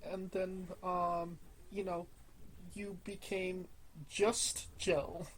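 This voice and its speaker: A woman hosting an interview, asking slow, hesitant questions. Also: fairly low pitch, flat delivery, a little hiss or hum, rough recording. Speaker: interview host.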